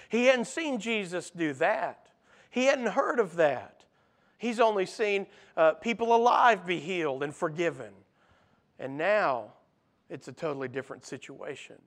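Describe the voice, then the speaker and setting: High-voiced preaching man, animated. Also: a little slow. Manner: animated preaching, acting out quoted voices, dropping soft for emphasis. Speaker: pastor. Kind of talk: sermon.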